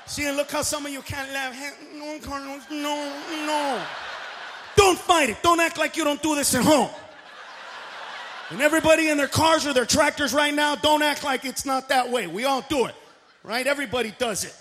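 A male stand-up comedian who talks loud and brash and shouts his punchlines. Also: very high-pitched, brisk, in a large hall, slight background noise.

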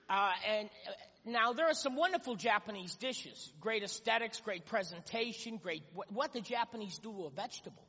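Brief: male stand-up comic, very high voice, rambling self-mocking stories, dull live recording in a big reverberant room. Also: animated, brisk, sharp tone. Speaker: stand-up comedian. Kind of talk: stand-up comedy routine. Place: comedy stage before a live audience. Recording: lo-fi live club recording with hall echo and crowd.

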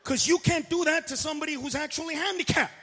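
A male stand-up comedian who talks loud and brash and shouts his punchlines. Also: very high voice, steady tone, fast, long reverb tail.

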